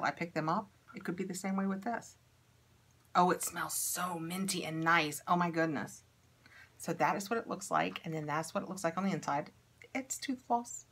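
A woman's voice: lowish voice, fairly bright tone, breathy edge. A woman chatting casually to camera while unboxing and trying beauty products, upbeat and thinking aloud as she goes.

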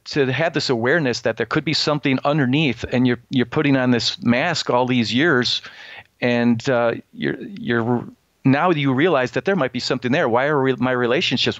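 A middle-aged man talks earnestly about his own life, pausing and restarting as he searches for words. The recording is dry and a little dull, like lo-fi audio. His pitch sits in the middle range. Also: a bit bright, no room sound. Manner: earnest, halting, many restarts and fillers. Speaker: guest. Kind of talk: interview, personal testimony. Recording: slightly dull, lo-fi sound.

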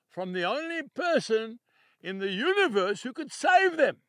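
Emphatic older preacher, lively pitch. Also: male voice, moderate pace, dry recording. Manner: emphatic, repeats key phrases, swings between soft and loud. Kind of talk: televised sermon.

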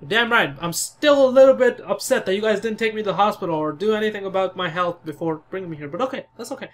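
Panicky, high-voiced let's play guy. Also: fast. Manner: jumpy, cries out in panic, curses at the game. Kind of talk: excitable gameplay commentary.

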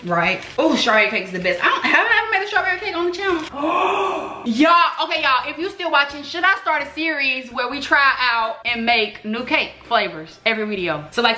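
A woman's voice: fairly high pitch, bright, forceful tone, a little hiss or hum. A young woman vlogging casually from her home kitchen, rambling and chatty, talking to her viewers as y'all. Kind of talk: casual chat. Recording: echoey room.

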